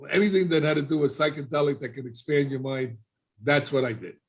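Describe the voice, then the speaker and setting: A man's voice: fairly high pitch, a little fast. A middle-aged man telling his life story as a podcast guest, casually and animatedly, acting out the voices of people he quotes.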